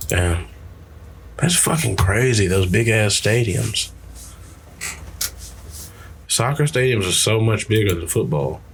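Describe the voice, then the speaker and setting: A man's voice: lowish voice, animated, slow, pauses often, slight background noise. A young man co-hosting a podcast, chatting casually, crude and joking with frequent laughter. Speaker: podcast co-host. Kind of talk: casual chat.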